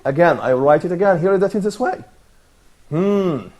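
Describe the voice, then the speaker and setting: A man's voice: high voice, expressive, normal speed, a little mellow. A man presenting a TV lesson, patiently explaining letters step by step and repeating sounds for others to copy. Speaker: TV presenter and Arabic teacher. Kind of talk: teaching pronunciation on a TV panel.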